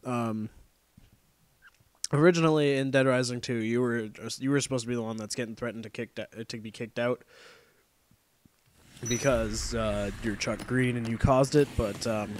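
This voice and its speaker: A man's voice: medium pitch, background noise. A young man giving casual, rambling let's-play commentary, swearing freely and getting easily annoyed with the game. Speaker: gameplay commentator.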